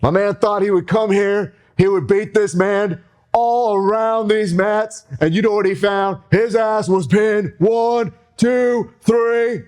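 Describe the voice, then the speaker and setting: A brash, trash-talking wrestler, as a man puts him on, cuts a loud promo in a raised voice. He draws his words out slowly for effect. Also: high voice, fairly even intonation, voice pushed up. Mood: taunting.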